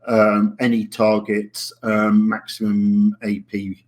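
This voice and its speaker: A man speaks slowly and without hurry as he looks up and explains rules during a tabletop game. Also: lowish voice, completely flat delivery, darkish tone. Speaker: player. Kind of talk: casual game chat.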